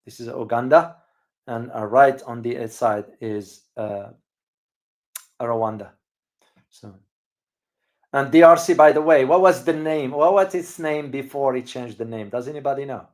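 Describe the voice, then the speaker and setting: A man hosting a casual live-stream commentary, speaking emphatically to his viewers, repeating words for stress and pausing often with hesitations. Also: medium pitch. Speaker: channel host and geopolitical commentator.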